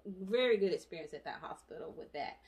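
A woman's voice: on the low side, a little fast, creaky. Brief: young adult woman, chatty storytelling vlogger, recorded a little far from the mic. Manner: chatty, animated, with frequent asides and laughs. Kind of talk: casual storytelling vlog. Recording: voice distant from the mic.

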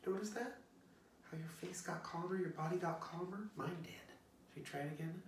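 A man teaching young children in an online singalong, talking gently and encouragingly in a playful way. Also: high-pitched, a little fast, gravelly, a little hiss or hum. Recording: roomy echo, distant from the mic, guitar.

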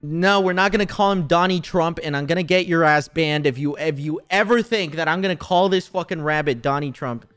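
A man's voice: a little high, a little fast, few pauses, fairly bright tone, clean tone, faint music behind. A man in his twenties streaming a game, chatting casually with lots of profanity, teasing and laughter. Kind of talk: casual live-stream chat while gaming.

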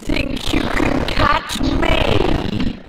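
A woman voicing a goading young rival who taunts from a broom, heard as game audio under loud noise. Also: high-pitched, wildly swooping pitch, extremely slow, heavily acted. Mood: taunting. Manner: sneering, goading.

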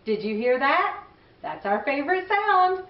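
A woman's voice: sits high, big pitch swings, measured pace. Older woman cheering on young kids. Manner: warm, encouraging, kid-directed. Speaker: children's show host. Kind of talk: chatty talk to young children. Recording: roomy, distant, dull recording.

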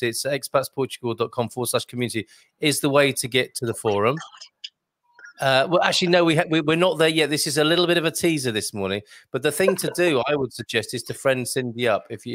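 Male host, playful, chatty, mid-pitched voice, dry close recording. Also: fairly bright tone, dry recording. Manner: chatty, playful, reads viewer comments aloud. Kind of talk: casual livestream chat.

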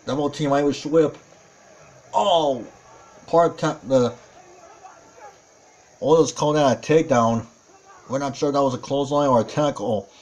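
A man calling a tag team wrestling match play by play, excitable, with frequent exclamations and self-corrections. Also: mid-range voice, normal speed, pauses often. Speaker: wrestling commentator. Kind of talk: play-by-play commentary.

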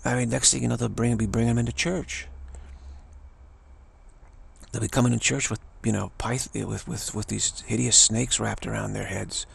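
Gravelly, husky man rambling. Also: lowish voice, level tone, moderate pace. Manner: repetitive, restarting phrases, mocking quoted voices. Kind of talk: rambling spiritual monologue.

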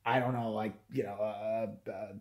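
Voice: mid-range voice, steady tone, measured pace, a little mellow. A vlogger ranting in a profane, mocking commentary and often laughing.

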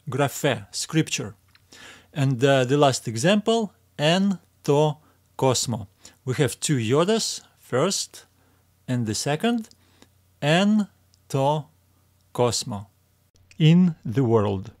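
A man giving a recorded language lesson, pronouncing each sound slowly and repeating it, with frequent "uh" fillers. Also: medium pitch, sing-song, darkish tone, dry recording, clean studio sound. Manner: slow, careful repetition of each sound. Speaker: Greek teacher.

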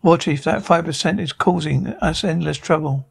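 A man voicing a stern male alien war chief who gives curt orders in a gravelly voice. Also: fairly high pitch, normal speed. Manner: curt, demanding.

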